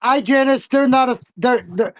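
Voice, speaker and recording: A man's voice: very high-pitched, moderate pace, no room sound, muffled recording. A man hosting a livestream in casual chat, swearing freely and getting worked up. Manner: loose, profane, worked up. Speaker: livestream host.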